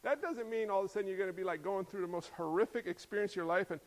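A middle-aged man preaching a sermon, animated and acting out voices as he tells stories. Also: high voice, very fast. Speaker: pastor.

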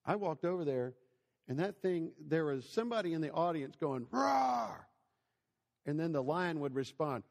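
A man in his forties delivers a sermon in a large hall with a long echo, his slightly high voice carrying a gravelly edge. He preaches conversationally, as if telling stories to friends, and often poses rhetorical questions to the listeners.

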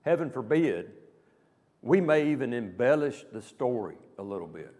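A man's voice: medium pitch, sing-song, moderate pace, darkish tone. A male pastor preaching a Wednesday night sermon, speaking conversationally with rhetorical questions and frequent checks of "okay?". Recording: long hall reverb.

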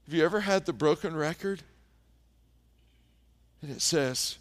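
A man preaching a sermon, telling stories and often dropping to a hushed tone for emphasis. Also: fairly high pitch. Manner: storytelling preacher, dramatic pauses, drops to hushed tones. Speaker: pastor.

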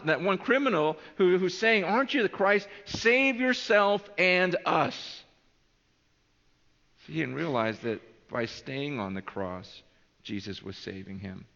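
A man preaching a sermon in an earnest, animated way, often restarting his phrases. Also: on the high side, in a large hall, dull audio. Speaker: pastor.

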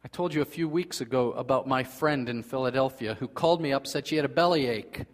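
A man preaching a sermon in earnest, swinging between loud emphasis and hushed, quiet passages. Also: medium pitch, fairly quick. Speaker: pastor. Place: church sanctuary. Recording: long reverb of a large hall.

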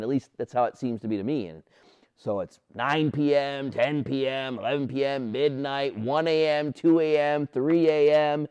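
A male pastor preaching a sermon, animated and playful, sometimes dropping to a soft, low voice on key points. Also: moderate pace, smooth, dry recording.

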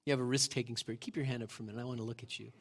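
A middle-aged male pastor giving a sermon in a church, retelling scripture as lively storytelling and asking the congregation questions. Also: medium pitch, rapid-fire. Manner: conversational, asks the congregation questions. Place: church sanctuary.

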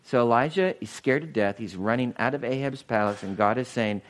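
A man preaching a lively teaching sermon, asking the congregation questions and acting out the voices of the people in the story. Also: medium pitch, brisk. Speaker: pastor.

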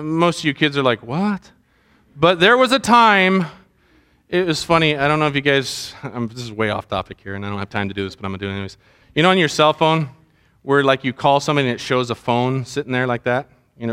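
A man's voice: mid-range voice, a bit bright, smooth. A middle-aged man preaching a sermon as a pastor, earnest and conversational, with asides to his audience.

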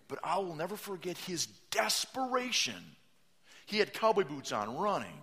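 A man preaching a sermon as pastor, telling stories animatedly, acting out quotes and raising his voice to a shout for emphasis. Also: on the high side, big pitch swings, fairly quick, creaky, a little hiss or hum.

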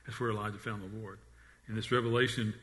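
Low-voiced man preaching a sermon. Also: little pitch movement, quick pace. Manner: earnest preaching, dropping to a hush on quiet lines; frequent restarts and repeated words. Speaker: pastor.

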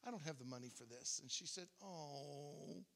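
Male preacher, slightly high voice, conversational storytelling sermon, long church-hall reverb. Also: normal speed, gravelly, fairly bright tone. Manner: conversational, repeats words when starting a thought.

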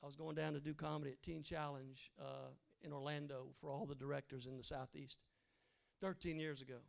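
A male preacher with a gravelly edge and a voice sitting a bit high for a man. He delivers a lively sermon, dropping to near-whispers and then erupting into loud, driving lines. His manner is folksy and humorous between the serious passages. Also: fairly quick. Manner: dynamic, swings from hushed to loud bursts.

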